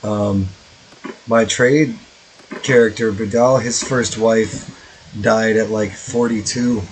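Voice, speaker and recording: A man's voice: fairly low pitch, steady tone, takes it slowly, noisy background. Rambling, joking male game streamer. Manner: rambling, profane, joking asides. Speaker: streamer playing a strategy game. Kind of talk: casual let's-play commentary.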